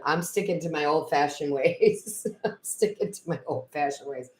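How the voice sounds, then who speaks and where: A woman's voice: sits low, normal speed, darkish tone. A woman tarot reader and medium reading cards on a live stream from her home, effusive and emotional, talking into her computer's built-in mic. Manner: emotional, effusive, tearful exclamations. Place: home room. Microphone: built-in computer camera mic.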